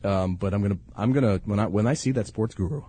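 A man's voice: on the low side, fast, mellow. A middle-aged man co-hosting a casual talk show, teasing his partner and laughing often. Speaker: co-host. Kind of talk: casual podcast banter.

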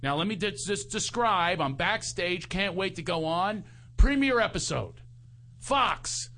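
A male comedian tells comic stories as a guest in conversation. He is animated and self-mocking, laughing often, with a slightly high voice that swings up and down a great deal. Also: unhurried.

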